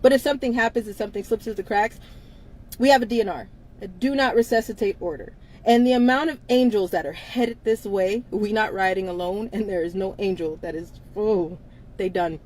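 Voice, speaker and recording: A woman's voice: medium pitch, brisk, a little mellow, poor audio. A woman hosting a casual livestream, talking bluntly with frequent swearing and laughter. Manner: blunt, profane, laughs often between lines. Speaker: livestream host.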